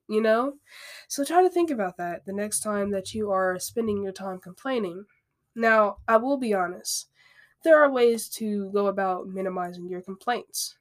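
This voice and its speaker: A woman's voice: mid-range voice, normal speed. A woman hosting a podcast, talking through self-help advice in a candid, conversational way, with frequent asides and repeated phrases. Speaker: podcast host. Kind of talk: casual self-help monologue.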